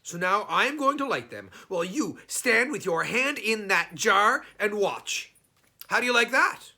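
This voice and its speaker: A clever folk hero from a storybook teases his foes with cheerful calm, as a man plays him. His voice is bright and a little gravelly, with a slow, lively lilt. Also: high-pitched, voice pushed up, heavily acted. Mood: teasing.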